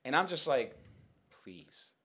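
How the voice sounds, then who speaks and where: A young man recounts a story on a casual podcast, his pitch swinging widely as he goes. He rambles and restarts with many fillers, animated and chatty. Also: brisk. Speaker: podcast host.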